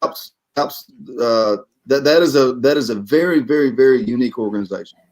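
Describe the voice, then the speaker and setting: A man's voice: mid-range voice, a little fast, a little mellow, low-quality recording. A man with a Louisiana Southern accent, a singer and guest talking earnestly in a casual interview and often repeating himself.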